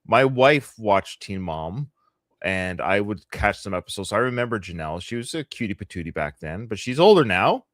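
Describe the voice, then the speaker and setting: Joking, rambling and sarcastic, this middle-aged Canadian co-host chats casually on a live podcast. His lowish voice is very animated at a normal speed. The recording is dry with clean studio sound.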